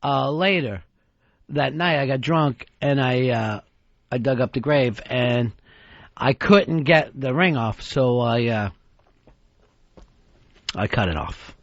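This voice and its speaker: A man's voice: medium pitch, slow pace, pauses often, no room sound. Crude teasing radio host, man. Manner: teasing, insulting, deadpan dark jokes. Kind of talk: crude comedic radio banter. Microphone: studio microphone. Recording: dull dry radio studio sound.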